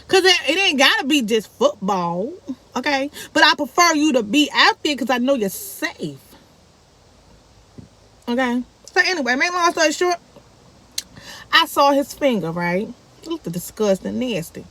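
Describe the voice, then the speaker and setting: Woman vlogger, casual storytelling, animated quoted voices, fairly high voice. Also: moderate pace, pauses often, dry recording. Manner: animated, acts out quoted speech with big pitch jumps.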